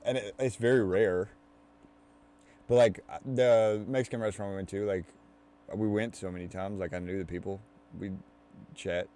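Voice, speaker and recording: Casual young man, low dark voice. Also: steady tone. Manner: mashes words together, talks fast. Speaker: podcast host. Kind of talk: casual chat.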